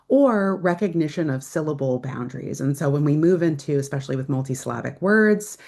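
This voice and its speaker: A woman's voice: deep voice, darkish tone. A woman presenting a teaching webinar over a video call, explaining steadily with filler ums. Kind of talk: webinar lecture.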